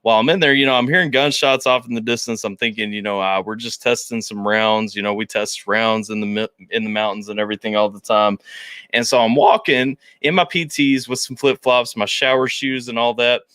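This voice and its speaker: A man co-hosting a casual podcast, telling army stories with profanity and animated, high-pitched quoting. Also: a little fast, clean tone, no echo. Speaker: podcast co-host, army veteran. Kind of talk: casual storytelling chat.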